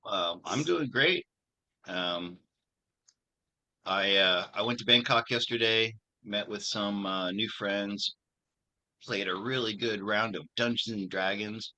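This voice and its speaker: A man hosting his tarot channel, chatting casually on a video call and rambling through a story with many pauses and restarts. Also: on the low side, bright, forceful tone. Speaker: channel host and tarot reader.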